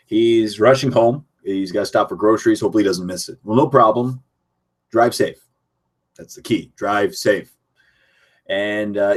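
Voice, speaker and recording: A young man from Canada hosting a casual live stream from his computer at home, reading viewer chat aloud and answering it. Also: lowish voice.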